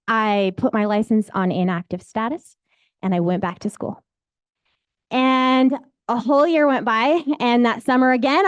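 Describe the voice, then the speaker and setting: A woman's voice: on the high side, no echo. A woman, a real estate agent telling her own story in a candid, rambling, emotional way. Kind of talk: personal storytelling.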